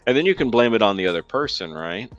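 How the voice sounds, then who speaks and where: Low-voiced man rambling on a live stream. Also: big pitch swings, quick pace. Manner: rambling, reads viewer comments aloud, frequent ums. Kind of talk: casual live stream chat. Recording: dull lo-fi sound with faint music.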